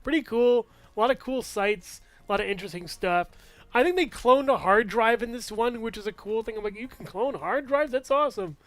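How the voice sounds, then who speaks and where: A man chats through his movie picks in a loose, rambling way, with plenty of fillers and self-corrections. His voice sits high for a man and sounds smooth and clean. The sound is dry and close, with faint music underneath. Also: brisk, a bit bright, no echo. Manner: rambling, full of fillers and restarts, chuckles often. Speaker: movie reviewer. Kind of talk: casual movie review vlog.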